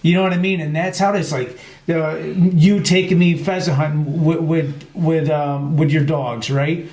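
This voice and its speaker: A man's voice: fairly high pitch, moderate pace. Storytelling man in an echoey room. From New York. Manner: storytelling, animated retelling with quoted voices. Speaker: podcast guest, chapter president. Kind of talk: casual conversation.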